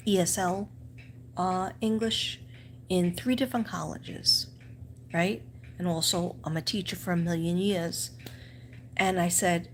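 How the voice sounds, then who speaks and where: A lowish-voiced middle-aged woman, a teacher who hosts live streams, tells rambling stories full of fillers and asides in a strong Staten Island New York accent. A little hiss or hum sits under the casual chat.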